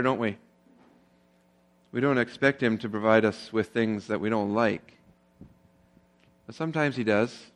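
A man's voice: mid-range voice, fairly bright tone. Man preaching a conversational sermon. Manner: conversational preaching with rhetorical questions; grows more emphatic when stressing a point. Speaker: pastor.

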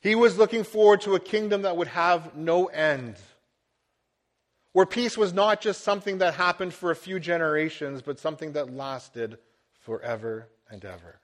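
A man's voice: a little high, moderate pace. A middle-aged man preaching a sermon as a pastor, earnest and building to emphatic swells.

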